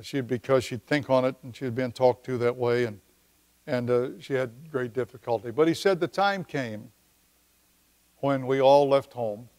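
Man preaching an unhurried sermon. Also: mid-range voice, a little mellow. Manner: unhurried, conversational preaching with pauses and slowed scripture reading. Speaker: pastor. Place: church service.

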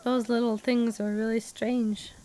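A fairly high-voiced woman chats excitedly over a game she's playing with a partner. She's sick and wheezy, with a dry cough that catches her. Her talk is giggly and rambling. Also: measured pace. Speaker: co-host of a gaming channel. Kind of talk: casual let's-play chat.

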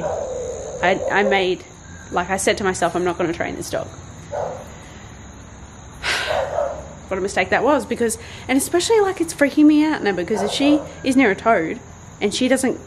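A woman chatting casually outdoors in a backyard, vlogging while training her dog and calling to it in a high sing-song voice. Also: normal speed, noisy background. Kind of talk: casual vlog chat.

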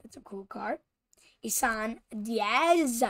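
A woman hosting a casual card-opening video, halting with many fillers and often apologizing for mispronouncing names. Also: a little high, expressive. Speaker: channel host showing baseball cards.

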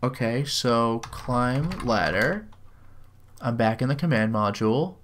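A man reading out a text adventure game and typing commands, with dry, wry asides and slowly drawled commands. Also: mid-range voice, lively intonation, fairly bright tone, a little hiss or hum. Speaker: game video host. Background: faint keyboard typing.

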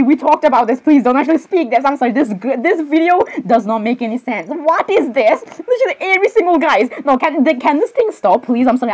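A woman's voice: fairly high pitch, darkish tone, low-quality recording. A woman doing a rambling comic voice-over for cartoon characters, apologizing over and over and breaking into jumpy squeals.

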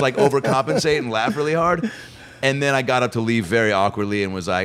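A male comedian telling a story as a guest in a casual chat, excitable and self-mocking. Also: mid-range voice, very fast.

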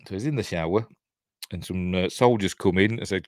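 Brisk and low-voiced, a middle-aged Yorkshire man hosts a casual film commentary, wandering off topic, interrupting himself, and chuckling. The studio-quality recording has no room sound.

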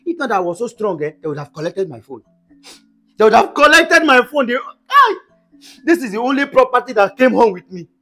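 A man acting a panicked, shouting husband who has lost his car in a comedy skit. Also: very high voice, big pitch swings, brisk, faint music behind, exaggerated voice. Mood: boastful storytelling. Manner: frantic, shouting, exclamatory.

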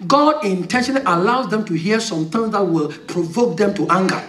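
A man preaching a fiery sermon as pastor, shouting and calling for responses from the congregation. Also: high voice, lively intonation, brisk, recorded from a distance, a little hiss or hum. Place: church. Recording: echoey church hall, mic from afar, congregation.

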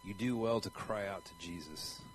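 A man's voice: on the low side, wildly swooping pitch, normal speed, slight background noise, rough recording. Guy preaching like he's just talking, earnest, rambly, lots of "you know", voice jumps all over. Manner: earnest, questioning, rambling with many fillers. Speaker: traveling Christian preacher. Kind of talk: conversational preaching monologue.

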